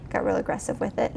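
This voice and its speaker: A woman playing a spooky video game, chatting to her viewers in a jumpy, excitable way. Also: extremely high pitch, creaky, background noise. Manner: jumpy, chatty, talks to viewers, frequent gasps and exclamations. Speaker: gaming video host. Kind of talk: let's play commentary.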